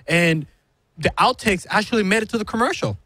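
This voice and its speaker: An agreeable male co-host in casual podcast chat, chiming in and backing up his partner. His voice sits a bit high for a man. The mic is close and dry. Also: expressive, brisk, bright, forceful tone, dry recording. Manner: agreeable, chimes in with short replies.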